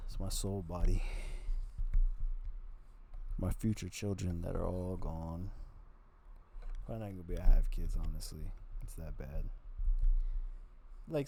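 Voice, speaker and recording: A man's voice: sits low, fairly even intonation, moderate pace, pauses often, dark tone, slight background noise. A man telling a personal story on his video channel in a rambling, blunt way, swearing freely. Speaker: vlogger.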